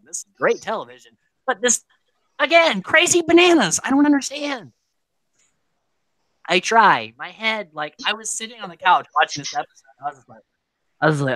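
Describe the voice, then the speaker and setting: A woman's voice: fairly high pitch, pushed and bright, dry recording, low-quality recording. A woman hosting a casual podcast recap, talking animatedly and swearing casually. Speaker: podcast host. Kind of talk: casual reality-show recap chat.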